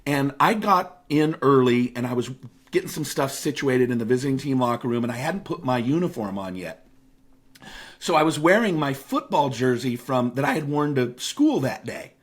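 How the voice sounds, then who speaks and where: Man, 50s, from the Seattle area, podcast guest, anecdotal, animated, casual storytelling. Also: medium pitch, moderate pace. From Seattle area, United States. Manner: animated, anecdotal, frequent fillers. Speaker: guest, speaker and author.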